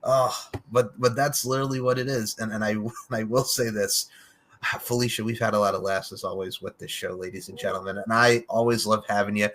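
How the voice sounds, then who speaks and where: Man, podcast host, casual interview, forceful bright voice, loose chatty delivery. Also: on the low side, steady tone, fairly quick, a little hiss or hum. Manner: loose, chatty, swears casually, laughs often.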